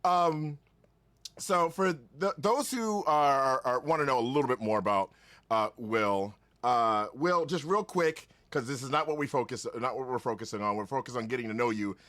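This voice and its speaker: A man's voice: mid-range voice, animated, normal speed, fairly bright tone, no echo. A man hosting a casual podcast, rambling with lots of restarts and laughing often. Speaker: podcast host.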